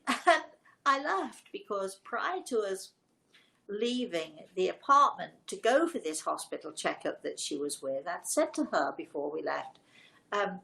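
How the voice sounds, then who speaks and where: A woman's voice: fairly low pitch, moderate pace, creaky, poor audio. Older woman telling a story. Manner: animated, acts out dialogue with shifting voices. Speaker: host. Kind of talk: storytelling anecdote on a live show.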